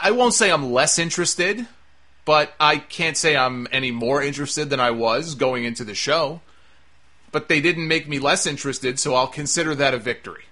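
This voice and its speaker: A man's voice: on the high side, sharp tone. A man giving a casual, sarcastic review of a wrestling show. He sounds exasperated and swears freely.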